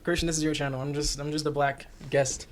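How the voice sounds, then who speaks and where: A man talking casually as a recurring guest on an anime discussion show, animated and joking, laughing often. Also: fairly high pitch, quick pace, slight background noise.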